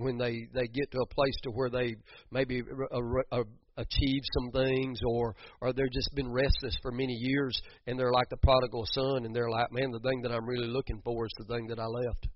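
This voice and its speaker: A man's voice: mid-range voice, muffled recording, slight background noise. A middle-aged man preaching a sermon, fervent, repeating phrases for emphasis and restarting his sentences often. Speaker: pastor.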